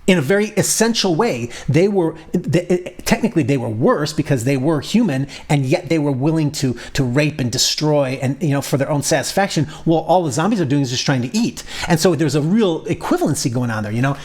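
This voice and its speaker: A man's voice: fairly high pitch, lively intonation, a little fast, hardly any pauses, darkish tone. Hesitant man musing aloud. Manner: hesitant, many restarts and fillers. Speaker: podcast co-host. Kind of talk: casual chat.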